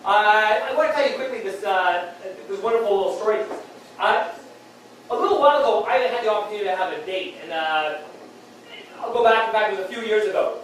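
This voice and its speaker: A man doing stand-up storytelling on stage, rambling and halting, with many fillers and restarts. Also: high voice, fairly bright tone. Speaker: stand-up comic. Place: beer hall comedy stage. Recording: very echoey hall, distant mic, faint noise.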